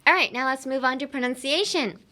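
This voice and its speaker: A woman's voice: high voice, fairly quick, bright, forceful tone. A young woman in her twenties hosting an English-learning podcast, chatting casually and laughing often. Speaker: podcast host teaching English. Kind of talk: casual English lesson chat.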